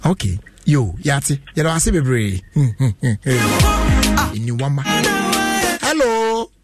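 A man's voice: mid-range voice, sing-song, slow pace. A Ghanaian man hosting a call-in radio show, reading out comments in a sing-song, playful way. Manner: sing-song, playful delivery with frequent laughs. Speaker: radio show host reading listener comments and taking calls. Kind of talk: lively call-in radio chat, mixing languages. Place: radio studio. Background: loud hip hop music.

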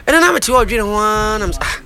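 Man, high voice, bright tone, animated storyteller, casual radio chat. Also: very fast.

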